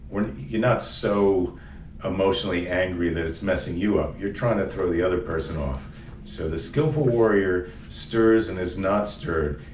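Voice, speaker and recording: Guy rambling and joking to his viewers, kinda low voice, sounds off-mic in a roomy space. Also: darkish tone, distant mic, slight background noise. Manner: rambling, jokey, self-interrupting. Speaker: comedian doing a daily live stream. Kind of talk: casual rambling chat to viewers.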